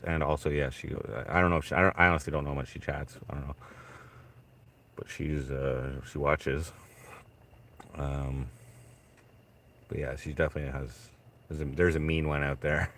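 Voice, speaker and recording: A man's voice: very deep voice, flat delivery, normal speed, long pauses, fairly bright tone. A man streaming casually from a tent, mumbling, swearing and talking to himself as he reads out chat. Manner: mumbling, swearing, talks to himself while searching.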